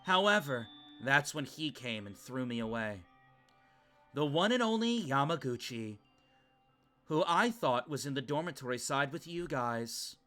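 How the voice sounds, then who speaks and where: A man's voice: medium pitch, expressive, a little slow, pushed and bright. A man reading aloud as a remorseful young student culprit confessing in a fangame, with faint game music underneath.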